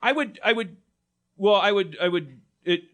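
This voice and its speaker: Male comedy podcast host, rambling and profane, bright-toned. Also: high voice, moderate pace. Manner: rambling, many restarts, profane. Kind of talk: live comedy podcast riffing.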